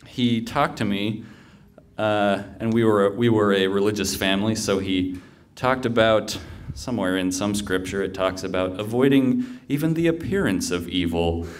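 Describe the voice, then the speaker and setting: A man's voice: lowish voice, moderate pace. A man telling a humorous personal story live on stage, in a conversational way with fillers and restarts.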